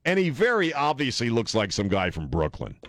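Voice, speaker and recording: A man's voice: medium pitch, wildly swooping pitch, brisk, a bit bright, no room sound. A man hosting a talk radio show, blunt and joking, laughing often as he chats in a studio. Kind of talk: casual radio banter. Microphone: studio microphone.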